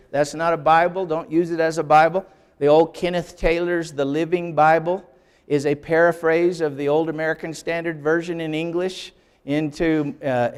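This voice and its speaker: A man's voice: on the high side, clear, resonant tone. An older man giving an emphatic classroom lecture on the Bible, explaining step by step and asking for the next slide. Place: lecture hall. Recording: long hall reverb.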